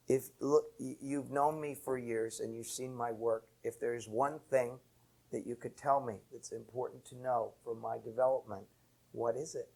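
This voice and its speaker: A man's voice: mid-range voice, vocal fry. A man, an enneagram teacher, telling a reflective story with bursts of laughter. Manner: animated anecdote with laughter.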